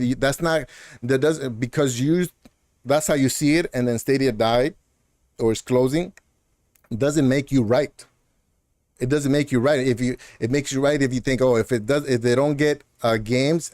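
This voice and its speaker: A male gaming streamer rants at a viewer in a heated, animated way, throwing in "bro" and "man" and short laughs. His voice sits at a middle pitch for a man. The sound is dry and close, with no room echo. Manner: argumentative, talks straight to a viewer in chat, repeats "bro" and "man". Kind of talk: casual live-stream rant.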